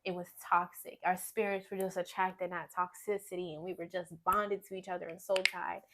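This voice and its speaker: A young woman giving a personal testimony in conversation, earnest and storytelling, often dropping to a quiet voice. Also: level tone, brisk. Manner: earnest, storytelling, drops to quiet low voice when recounting. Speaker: guest sharing testimony.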